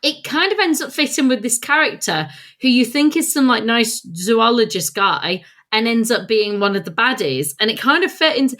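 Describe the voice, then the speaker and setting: A woman's voice: a little high, lively intonation, moderate pace, few pauses, fairly bright tone. A woman co-hosting a podcast, chatting casually and enthusiastically, often giggling. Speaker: podcast co-host. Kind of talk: casual chat.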